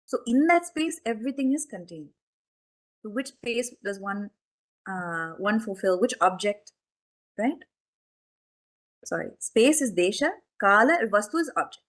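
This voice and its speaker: A woman's voice: mid-range voice, big pitch swings, a little slow, long pauses, fairly bright tone. A woman spiritual teacher giving a conversational discourse, full of questions and asides to her listeners. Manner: chatty, questioning, many asides to the audience. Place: temple hall.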